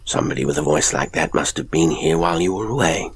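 A man voicing a skeptical priest who answers calmly and with gentle obstinacy. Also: low-pitched, a little slow, gravelly, a little hiss or hum, full character voice. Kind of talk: audiobook character voice.

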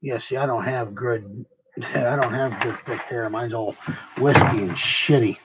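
A man's voice: medium pitch, measured pace, lo-fi sound, heavy background noise. Tired, rambling, foul-mouthed male streamer. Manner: rambling, profane, self-mocking. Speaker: livestreamer. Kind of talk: casual livestream chat while crafting.

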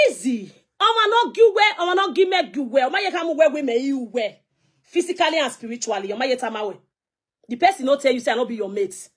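A young Nigerian woman with a high-pitched voice goes live on her phone to call someone out. She is confrontational and scolding, slipping pidgin into her English. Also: breathy edge. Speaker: social media personality. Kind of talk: heated live video rant.

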